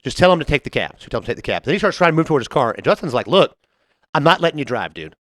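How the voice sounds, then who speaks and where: Fast, lively man telling a bar story. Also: on the high side, dry recording, studio quality. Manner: animated, laughing often, acts out quoted people. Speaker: podcast co-host. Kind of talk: casual storytelling chat.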